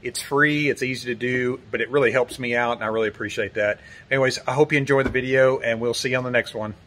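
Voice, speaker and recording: A man with a Southern US accent, hosting his kayak channel and explaining gear terms in a relaxed, folksy way with loose fillers. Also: medium pitch, fast, a little hiss or hum. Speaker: kayak channel host and retailer. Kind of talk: casual instructional explainer.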